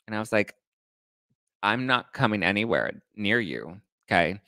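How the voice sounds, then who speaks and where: Animated campy man telling gossip stories. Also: normal speed, a little hiss or hum. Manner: animated, campy, swears freely, acts out quoted people in high voices. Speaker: host. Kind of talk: casual gossip storytelling.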